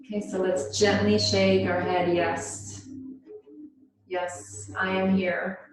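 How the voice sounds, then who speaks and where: Soft-spoken yoga teacher lady on a video call, really echoey room, sounds far from the mic. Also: medium pitch, level tone, slight background noise. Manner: slow, gentle, soothing guidance. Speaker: yoga instructor. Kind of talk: guided yoga class instruction.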